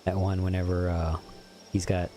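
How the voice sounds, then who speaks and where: Young male streamer, low-pitched and easygoing, reading chat aloud over faint cricket noise. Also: flat delivery, normal speed, warm tone. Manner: chatty, reads chat aloud and teases viewers. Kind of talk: casual gameplay commentary.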